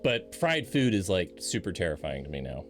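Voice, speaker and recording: A very low-pitched co-host talking casually on a stream with a lively, swooping delivery. The speech is halting and full of restarts, with faint music behind. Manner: hesitant, restarts a lot, animated. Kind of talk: casual chat.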